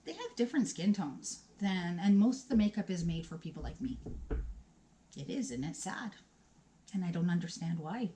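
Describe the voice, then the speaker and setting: A woman in her fifties chatting through a makeup vlog at home, rambling and self-mocking with animated asides. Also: on the low side, normal speed, a little hiss or hum. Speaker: beauty vlogger. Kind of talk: chatty get-ready-with-me vlog.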